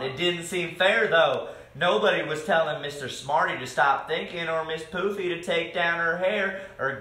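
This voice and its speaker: A man reads a picture book aloud to a group of children, expressive and stopping to talk with them between pages. His voice is high and bright, his reading slow and deliberate, and the room rings with echo. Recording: echoey room.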